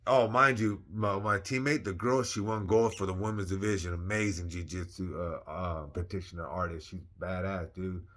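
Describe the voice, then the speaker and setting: A young man casually telling a personal story, animated and slangy, repeating phrases for emphasis. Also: sits low, normal speed, hardly any pauses. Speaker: vlogger.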